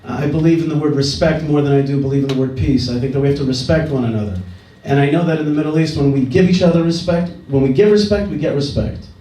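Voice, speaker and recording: A man's voice: fairly high pitch, quick pace, few pauses, mellow, far from the mic. Middle-aged man speaking in an echoey hall. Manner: earnest, repeats key phrases, frequent restarts. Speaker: speaker at a dialogue gathering. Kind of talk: public talk with storytelling. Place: indoor event hall. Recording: roomy hall, speaker away from mic.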